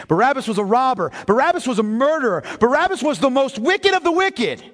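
A man preaching a sermon as pastor, swinging from hushed reading to shouted emphasis. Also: high voice, big pitch swings, fast, hardly any pauses. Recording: hall reverb.

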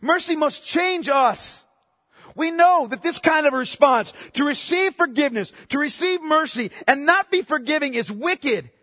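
A man preaching a sermon with passion, firing rhetorical questions and swinging between loud outbursts and hushed asides. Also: very high-pitched, animated, normal speed, few pauses, no echo, studio quality, in a large hall. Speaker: pastor.

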